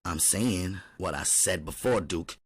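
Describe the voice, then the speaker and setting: A man's voice: low voice, unhurried, breathy edge, no echo, clean studio sound. A man voicing a streetwise middle-aged woman who runs a brothel, drawling endearments like honey and baby. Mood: confronting. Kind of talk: audiobook character voice.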